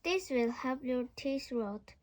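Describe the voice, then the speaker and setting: Brief: snappish storybook mother witch, high and slow, read by a woman. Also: animated. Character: cranky mother witch who loves badness.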